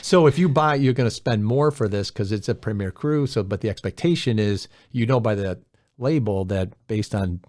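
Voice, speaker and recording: A middle-aged man explaining wine in a measured, step-by-step casual talk. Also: lowish voice, a little mellow, dry recording, clean studio sound. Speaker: wine expert co-host.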